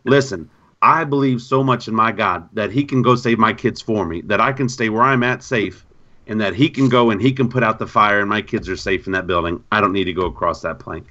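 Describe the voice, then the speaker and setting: Guy with a low bright voice rambling on a podcast, dull audio. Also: a little fast. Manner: animated storyteller, repeats himself. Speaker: podcast co-host. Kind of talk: casual chat.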